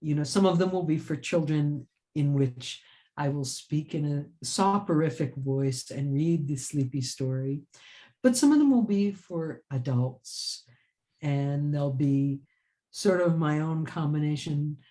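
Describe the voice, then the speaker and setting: Energetic woman telling a story in a relaxed interview. She rambles warmly from one thought to the next, breaks off to laugh, and restarts her sentences as ideas come. Her speech sounds lively and unscripted. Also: low voice, a little slow. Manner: laughs often and restarts phrases. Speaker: author and writing teacher. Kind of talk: casual interview chat.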